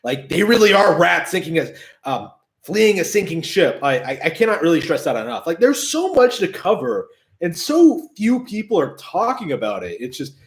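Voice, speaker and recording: A man hosts a casual gaming commentary stream, rambling and hedging with fillers and the odd swear. His voice sits somewhat high and moves a lot in pitch. The sound is roomy and echoey. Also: sing-song, normal speed. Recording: echoey room.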